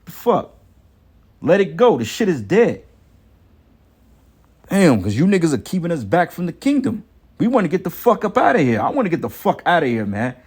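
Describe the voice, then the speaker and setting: Man, heated street-preacher rant, swears constantly, voice sits a bit high. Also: sing-song, normal speed, pauses often, darkish tone. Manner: heated, repetitive, swearing, ends lines with "man". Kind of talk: angry profane rant.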